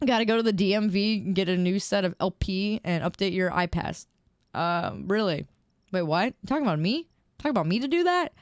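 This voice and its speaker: A woman's voice: mid-range voice, clean tone, no room sound, studio quality. A young woman streamer chatting casually with her viewers, telling a story in a giggly, self-deprecating way.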